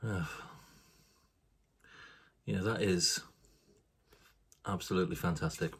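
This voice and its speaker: A man's voice: sits low, fairly even intonation, takes it slowly, vocal fry, fairly bright tone, husky. A man casually reviewing a craft beer, chatty and rambling, with casual swearing.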